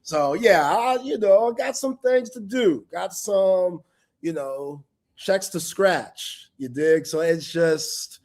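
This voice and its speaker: Man, sports talk show host, casual livestream chat, slightly higher voice, rambling, heartfelt, slangy. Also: slow, a little mellow. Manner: heartfelt, loose and rambling, full of street slang.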